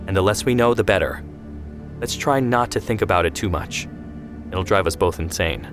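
A stern, weary father in an audio story, voiced by a man. His voice is low and commanding, and he talks in proverbs. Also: moderate pace, over music, close to an everyday voice.

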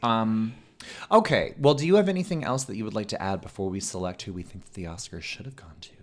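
Low-voiced man chatting with filler words. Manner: halting, many fillers, laughs often. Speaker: podcast host. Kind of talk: casual podcast chat.

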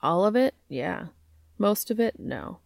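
A woman reading aloud, voicing an eager, joking grown man who talks fast. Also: mid-range voice, very animated, vocal fry, no room sound, studio quality. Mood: playful. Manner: quick, joking, talkative.

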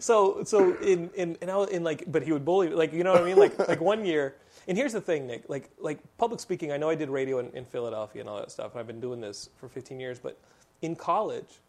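Fast-talking man from Texas. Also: fairly high pitch. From Texas, USA. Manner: animated storytelling, rambling and full of fillers. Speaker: podcast host. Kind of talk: casual podcast chat.

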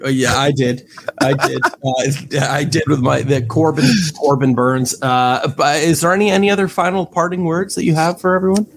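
A man co-hosting a casual baseball podcast, excitable and self-deprecating. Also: fairly high pitch, moderate pace, slight background noise. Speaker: podcast co-host.

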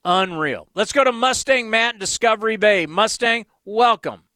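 A male sports radio host riffs through a rambling monologue, firing off exasperated rhetorical questions. His voice sits high and sounds bright and forceful. The studio sound is dry and close. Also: expressive, normal speed, dry recording. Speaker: radio call-in show host.

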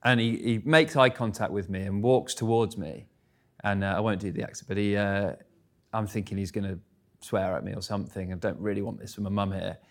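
A man's voice: lowish voice, fairly even intonation, fairly quick. An English man in his thirties, a guest at a live event, telling stories in a chatty, self-deprecating way and laughing at himself. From England. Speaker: guest speaker. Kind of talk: live stage interview, storytelling.

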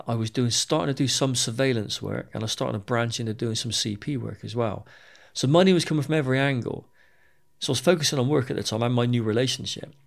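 A former soldier from Britain, speaking British English in a medium-pitched, creaky voice, tells his own story in an interview. He is candid and plain-spoken, swearing often and repeating words.

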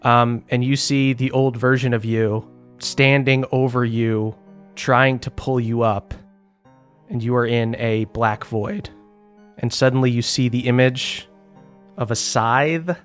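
Casual young game master narrating. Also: male voice, medium pitch. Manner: casual, swearing, dramatic storytelling.

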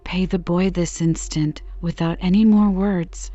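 A woman voicing an indignant old male knight who speaks in grand, archaic phrases, in a soft bedtime reading. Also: on the low side, steady tone, unhurried, lo-fi sound, soft background music, lightly acted. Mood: lofty, stern.

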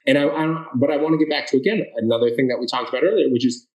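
A man from the Boston area answers an interviewer in an earnest, animated way, often restarting his sentences. His voice sits at an ordinary middle pitch. The recording has a noticeably roomy echo around him. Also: very fast, highs cut off. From Boston area, Massachusetts. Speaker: author guest.

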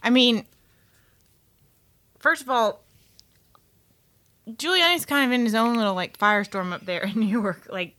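A woman co-hosting a casual political talk show in a wry, skeptical tone. Her voice is bright and forward, sitting a little higher than most women's, and she fills her speech with "I mean" and "like". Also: measured pace, pauses often.

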